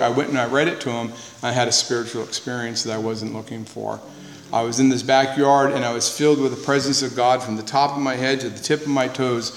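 A man speaking at a recovery meeting, giving an earnest, conversational personal testimony, repeating words for emphasis, with wry humor. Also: medium pitch. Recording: echoey hall with faint noise.

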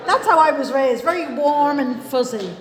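A woman's voice: high-pitched, moderate pace, a crowd in the background. Chatty Irish woman in an echoey hall. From Ireland. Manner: chatty, self-mocking storytelling with frequent restarts. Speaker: speaker at a recovery meeting. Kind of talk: personal testimony talk. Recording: echoey hall with long reverb.

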